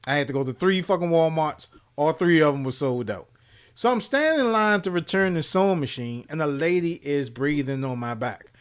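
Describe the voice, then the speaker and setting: A man from Maryland co-hosting a gaming show tells a profane story in casual chat, shouting the lines he quotes. His voice sits high.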